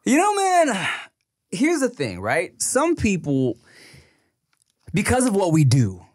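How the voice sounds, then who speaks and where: A man's voice: sits high, wildly swooping pitch, slow pace, dry recording. A man co-hosting a podcast in casual chat, talking laid-back and full of slang, laughing often, on a studio mic. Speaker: podcast co-host.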